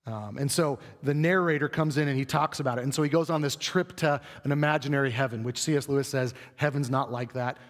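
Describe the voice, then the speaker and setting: A man's voice: medium pitch, fast, hardly any pauses, long reverb tail. A middle-aged male pastor preaching a sermon in a conversational way, acting out quoted voices. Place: church sanctuary stage.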